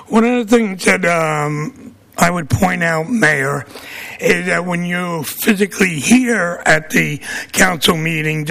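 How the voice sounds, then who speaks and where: A man's voice: high voice, sharp tone. A man with a Brooklyn accent giving blunt, combative public testimony at a city council meeting.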